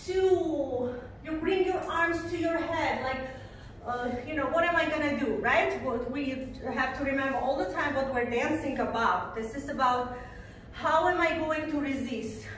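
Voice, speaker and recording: A woman's voice: high-pitched, moderate pace, a bit bright, recorded from a distance, a little hiss or hum. A woman teaching a belly dance routine, counting beats aloud and singing the melody in syllables as she demonstrates, recorded in a studio. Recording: roomy echo, voice from off-mic.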